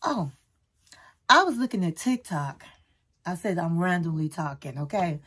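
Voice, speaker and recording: A woman hosting her own channel, chatting casually to camera and telling a story in an animated way with sudden jumps in pitch. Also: a little slow, slightly rough. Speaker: YouTube channel host.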